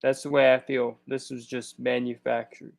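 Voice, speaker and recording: A man's voice: medium pitch, flat delivery, normal speed, creaky, no room sound. A man in a casual livestream conversation, speaking heatedly and indignantly, often repeating himself. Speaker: guest co-host.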